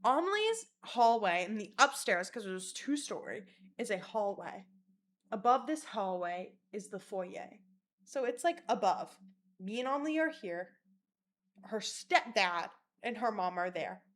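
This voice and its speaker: A young woman telling a story in a vlog, animated, dramatic and full of swearing. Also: mid-range voice, measured pace.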